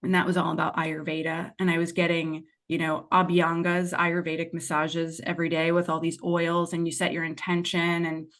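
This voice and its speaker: Low-voiced woman telling her story candidly. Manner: expressive, digressive storyteller who acts out her past self. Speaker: podcast guest, money mindset and tapping coach.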